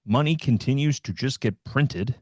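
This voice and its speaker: A man's voice: medium pitch, moderate pace, darkish tone, no room sound, clean studio sound. A man hosting a live trading stream, giving casual market commentary in a loose, joking way with plenty of fillers. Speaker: host of a trading livestream.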